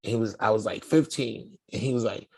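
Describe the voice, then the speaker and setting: Middle-aged New guy, gravelly, dry close mic, slangy animated storyteller. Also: on the low side, racing, dry recording. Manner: slangy, animated, acts out the people in his story. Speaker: guest. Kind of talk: casual storytelling in an interview.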